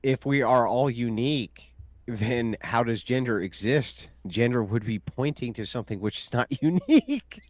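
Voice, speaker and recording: A man's voice: medium pitch, lively intonation, normal speed, no echo. A man arguing in an online debate, mocking and combative, often laughing at the people he argues with.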